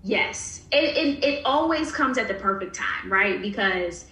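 Bright, animated woman in an echoey room. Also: medium pitch, unhurried. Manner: animated, emphatic, laughs often. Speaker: podcast guest. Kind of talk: casual podcast interview.

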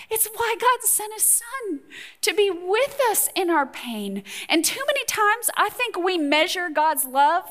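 At a women's conference, a middle-aged woman with a high-sitting, fairly bright voice gives an earnest, conversational teaching talk to a live audience in the hall. She tells stories and puts questions to her listeners.

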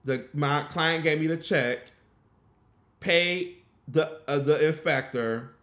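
A man's voice: on the high side, slow pace. A man hosting a casual interview podcast, a real estate agent telling stories animatedly and acting out what people said. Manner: animated storyteller who acts out quotes. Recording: echoey room.

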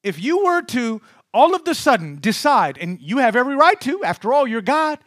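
High, bright-voiced preacher, dramatic swings. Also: male voice, very animated, normal speed, no echo, studio quality. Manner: dramatic preacher, swings from loud calls to hushed tones. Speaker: pastor. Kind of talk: sermon.

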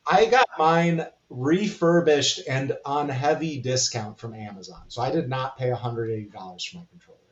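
A man co-hosting a podcast in relaxed chat, reasoning his points through carefully. His voice comes through slightly dull and lo-fi, as if over a modest remote setup. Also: medium pitch. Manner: analytical, talks through ideas at length. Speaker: podcast co-host.

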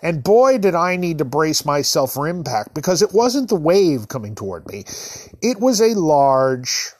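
Animated slow-talking comic storyteller man. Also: on the high side. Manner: animated, self-deprecating, drawn-out delivery. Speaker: podcast host. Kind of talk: comedic storytelling.

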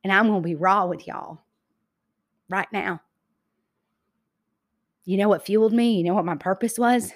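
A woman from Georgia with a Southern accent giving an emphatic inspirational talk, repeating key phrases slowly and calling her listeners y'all. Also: medium pitch. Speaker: motivational speaker.

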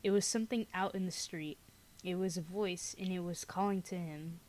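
A young woman co-hosting a podcast, reading a scary story aloud in a laid-back, unhurried way, and chatting casually. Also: fairly low pitch, darkish tone, rough recording. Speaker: podcast co-host.

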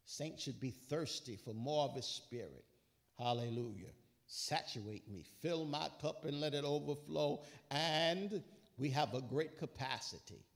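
A man's voice: medium pitch, measured pace. A man preaching a sermon, quoting scripture with rising, emphatic bursts and casual asides.

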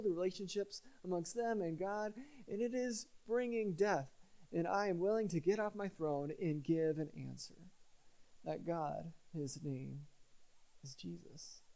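A middle-aged male pastor delivers an earnest sermon. His voice sits a little high but sounds warm and mellow. He presses hard on key lines, then sinks into a near hush for the heavier passages. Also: poor audio. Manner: earnest preaching, swelling loud then dropping quiet.

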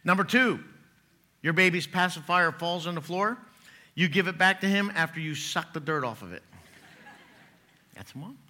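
A middle-aged pastor with a high-pitched, sharp voice preaches at a moderate pace. He's chatty and jokey, laughing at his own jokes before moving on to scripture.

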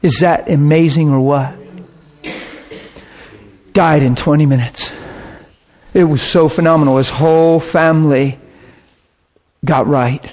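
A man preaching, telling a personal story with lively swings between hushed and shouting moments. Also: on the high side, unhurried, pauses often. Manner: animated, bursts into shouting and laughter. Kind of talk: sermon storytelling.

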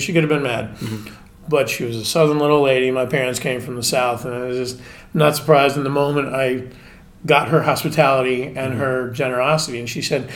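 A man's voice: mid-range voice, a little fast, a little hiss or hum. A man in his forties, a podcast guest telling casual stories in a chatty, self-mocking way. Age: 40s. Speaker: podcast guest, spirits brand manager. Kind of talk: casual storytelling chat.

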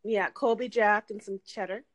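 A woman's voice: mid-range voice, steady tone, moderate pace. A woman chatting casually with her sister on a podcast call at home, laughing often. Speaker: podcast co-host. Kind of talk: casual chat. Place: home in Los Angeles.

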